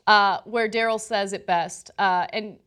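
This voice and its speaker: A woman's voice: medium pitch, steady tone, a little slow, a bit bright, clean tone. A woman co-hosting a casual political commentary show, speaking conversationally and reading posts aloud with a sarcastic lilt. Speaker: co-host.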